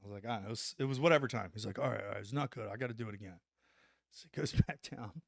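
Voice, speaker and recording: A man and former Army Ranger telling a story in a casual interview, animated and profane, acting out the dialogue. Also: fairly low pitch, rapid-fire, vocal fry, no room sound, studio quality.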